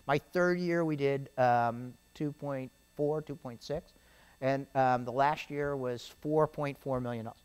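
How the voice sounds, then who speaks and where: A middle-aged man on stage as a guest speaker, telling rambling, animated stories about his career to a live audience and often tagging lines with "right?". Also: mid-range voice, a little slow, smooth. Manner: animated, rambling storyteller who keeps adding "right?". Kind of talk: storytelling interview on stage. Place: event venue with a live audience.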